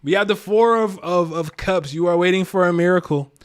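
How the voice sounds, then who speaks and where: A man's voice: high-pitched, fairly quick, smooth. A man giving a casual live tarot reading, slangy and laid-back, chuckling to himself. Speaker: tarot reader and astrologer.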